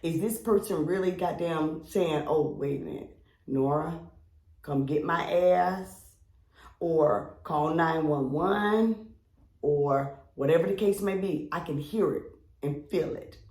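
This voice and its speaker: A woman co-hosting a podcast, telling a long story in a loud, animated way, acting out her friends and swearing freely. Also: sits low, takes it slowly. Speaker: podcast co-host. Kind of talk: casual chat. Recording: roomy echo.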